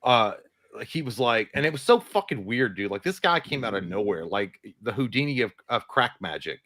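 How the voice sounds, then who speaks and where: A man's voice: medium pitch, moderate pace, no echo. Casual swearing man telling stories. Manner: animated, acts out voices in his stories, swears freely. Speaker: podcast co-host. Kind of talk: casual storytelling chat.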